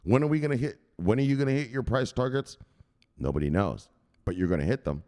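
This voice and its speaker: A man's voice: medium pitch, animated, fast. A man hosting a crypto channel in a brash, profane ranting monologue. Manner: brash, profane, shouts "bang".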